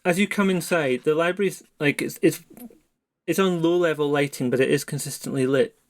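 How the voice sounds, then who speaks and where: A man running a tabletop horror game as game master, narrating in a relaxed, chatty way. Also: a little high, brisk. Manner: relaxed, conversational narration with fillers.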